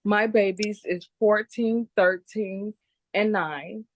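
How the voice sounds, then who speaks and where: A woman's voice: medium pitch, steady tone, slow. An older woman, a grandmother, crying and pleading emotionally in a custody hearing over a phone video call, rambling and repeating herself. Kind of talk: pleading closing statement in court.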